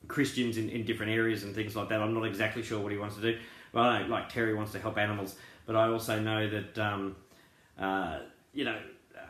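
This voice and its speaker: A man's voice: mid-range voice, fairly bright tone. A man talking casually and earnestly to his group's members, rambling with many fillers and restarts. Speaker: crypto group founder. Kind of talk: casual promotional talk. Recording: roomy echo.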